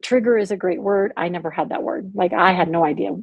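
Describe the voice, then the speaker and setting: Her voice is fairly low, husky and full of vocal fry, and she talks fast; the recording is dry, narrow and tinny. She's a podcast guest, an abuse survivor and author married with children, speaking earnestly and candidly in a casual style with constant use of "like".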